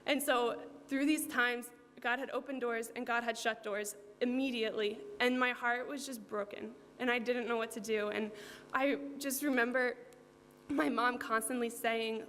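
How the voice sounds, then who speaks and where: A young woman from New Jersey speaks an earnest, heartfelt church testimony in a fairly high voice, peppered with ums and likes. Her voice rings with long reverb through a church hall, over a faint hum. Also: fairly even intonation, normal speed, a bit bright. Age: young adult. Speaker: church member giving a testimony.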